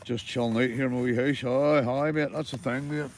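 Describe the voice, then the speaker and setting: A slight hiss or hum underlies this mid-range, steady male voice, which moves a little fast. The speaker, an angler from Northern Ireland, chats easily with livestream viewers as he fishes, trading banter, swearing freely and calling them all mate.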